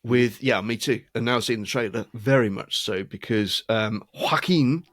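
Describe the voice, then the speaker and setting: A man's voice: medium pitch, a little slow, no room sound. Rambling man on a dry mic. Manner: rambling, self-amused storytelling. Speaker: podcast co-host. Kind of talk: casual chat.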